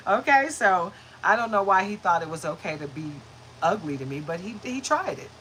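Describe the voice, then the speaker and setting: A woman's voice: medium pitch, lively intonation, normal speed, bright, forceful tone, breathy edge, poor audio. A woman hosting a spiritual reading livestream, talking casually and upbeat with frequent laughter and greeting viewers by name. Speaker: spiritual reader and livestream host.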